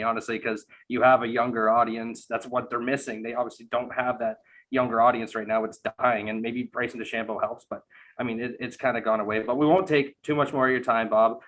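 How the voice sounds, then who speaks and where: A man's voice: medium pitch, flat delivery, a little fast, a bit bright, low-quality recording. A man co-hosting a casual interview, easygoing as he chats and wraps up with plugs. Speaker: podcast co-host.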